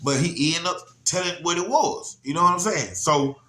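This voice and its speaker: A man with a drawl tells a story in an easy, lively way, checking in with his listener as he goes. His voice sits a bit high for a man. The room around him rings with a noticeable echo. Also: normal speed, slight background noise. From Georgia, US. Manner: animated, repeats "you know what I'm saying". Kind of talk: casual spoken storytelling. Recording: roomy echo.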